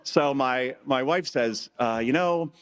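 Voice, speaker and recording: Speaking slowly in a mid-range, fairly bright voice, a middle-aged man delivers a live talk on a conference stage. He jokes through his stories and acts out quotes in shifting voices.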